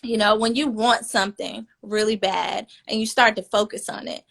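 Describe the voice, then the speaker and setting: Bright-voiced earnest woman coach. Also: mid-range voice, steady tone, normal speed, gravelly. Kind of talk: casual podcast conversation.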